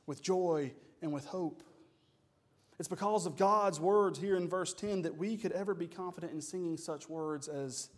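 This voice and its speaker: A man delivers a Sunday sermon from the pulpit. His voice sits a little high and moves between quiet, deliberate phrases and rising, forceful declarations. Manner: preaching with dynamic swells and pauses, uses "y'all". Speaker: pastor.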